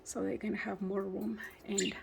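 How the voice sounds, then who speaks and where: A woman vlogs casually about her pet budgies, often searching for words, using non-native phrasing, and talking to the birds. Her mid-range voice is a little slow and creaky, with little pitch movement. The noisy home recording is full of budgie chirps.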